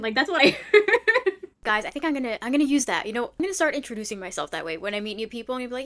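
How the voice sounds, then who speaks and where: Woman host, political commentary, blunt and heated, keeps asking "right?", a bit high-pitched. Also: animated, very fast.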